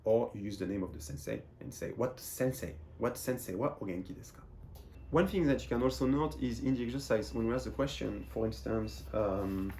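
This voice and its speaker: A man's voice: mid-range voice, brisk, dark tone, slight background noise. A man from France, a Japanese teacher, patiently explaining a beginner lesson and often repeating phrases as he goes.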